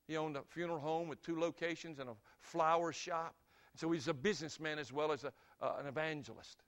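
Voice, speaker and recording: An older man, from Greensboro, North Carolina, preaching a sermon by telling a story in an earnest, unhurried way. He drops to a soft hush on key lines. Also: on the high side, fairly even intonation, smooth.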